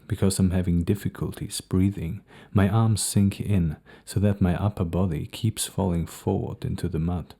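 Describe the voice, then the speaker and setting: A man narrating a novel in the first person for an audiobook, reading in a steady, measured way. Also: low voice, gravelly, slightly rough.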